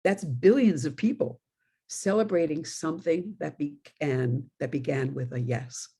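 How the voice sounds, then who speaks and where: Warm, low-sitting and a touch breathy, this middle-aged minister's voice moves at a measured pace. She's from New York, USA, and preaches conversationally, telling stories and breaking into laughing asides.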